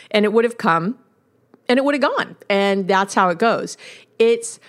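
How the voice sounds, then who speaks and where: Woman, therapist-host of a podcast, middle pitch, talks casually, laughs at herself and jumps high when she tells a story. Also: expressive, a little slow. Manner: chatty storytelling with frequent laughs and self-mockery.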